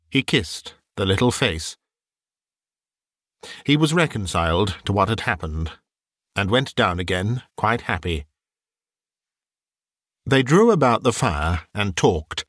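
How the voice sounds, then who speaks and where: A man narrating an audiobook in a calm, measured storytelling voice. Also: on the low side, no room sound, studio quality.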